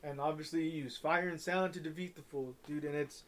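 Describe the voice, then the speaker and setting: Young male podcast co-host, high voice, rambling and profane. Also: fairly even intonation, a bit bright, slight background noise. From Southern California. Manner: rambling, profane, halting restarts. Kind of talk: casual chat.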